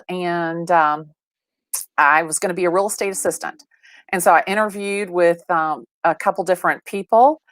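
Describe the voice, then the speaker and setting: A middle-aged woman from Atlanta, a real estate agent telling animated stories about her career in a casual interview. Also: fairly low pitch, no echo. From Atlanta, Georgia. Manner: bubbly, animated storyteller acting out dialogue. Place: video call from her home or office.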